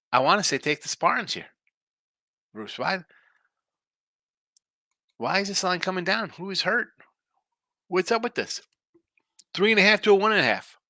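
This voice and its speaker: On a dry recording, a man's voice on the high side sounds pushed and bright. He's a sports betting podcast host, tired and yawning, casually rambling on a live stream while he reads out and answers messages from viewers.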